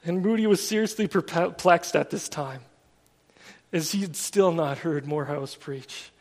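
A man's voice: fairly high pitch, unhurried, pauses often. A man preaching a sermon in a casual, storytelling way, full of everyday fillers. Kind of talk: conversational sermon. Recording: long reverb of a large hall.

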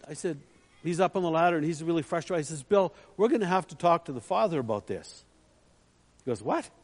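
A man's voice: on the high side, darkish tone. A man preaching a storytelling sermon in a chatty way, putting questions to the listeners. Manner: chatty, asks the audience questions. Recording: long hall reverb.

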